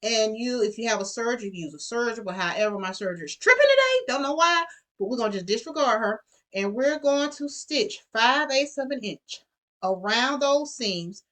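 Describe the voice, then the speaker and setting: A middle-aged woman talks through a sewing project in a chatty, easygoing way, calling her viewers y'all. Her voice sits a little high for a woman, and she sounds like she's at home in her sewing room. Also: normal speed, a bit bright. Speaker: sewing vlogger. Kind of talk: casual sewing tutorial.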